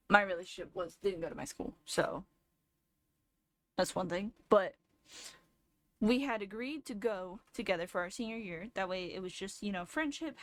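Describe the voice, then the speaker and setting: A woman in her twenties, a streamer, telling a long casual story with lots of fillers and self-corrections. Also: medium pitch. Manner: rambling, lots of fillers and restarts.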